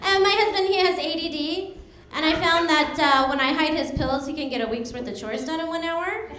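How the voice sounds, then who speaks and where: On a comedy club stage, an American woman in her thirties performs a stand-up set, bubbly and laughing at her own jokes as she acts out voices. Her voice is high-pitched, fairly quick, and fairly bright, echoing around the club room.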